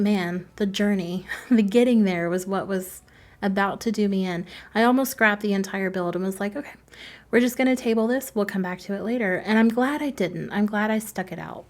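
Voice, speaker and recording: Chatty, giggly woman narrating a build. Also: mid-range voice. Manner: chatty, self-deprecating, laughs often. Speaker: game build video creator. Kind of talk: casual voice-over commentary.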